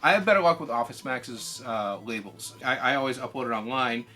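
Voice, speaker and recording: A man hosting a video channel, giving a casual how-to tutorial in a relaxed, chatty way with plenty of ums and uhs. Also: mid-range voice, a little fast, soft background music.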